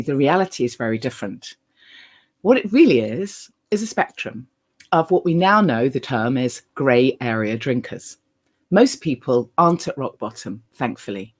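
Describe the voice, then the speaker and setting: A middle-aged woman giving a candid motivational stage talk, earnest, with frequent ums. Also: rumbling low. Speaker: speaker and holistic living author.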